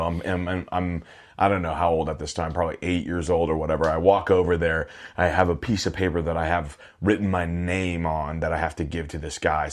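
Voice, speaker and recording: A man co-hosting a podcast, telling funny stories in casual chat, acting out quotes and laughing often. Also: low-pitched. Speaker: podcast co-host.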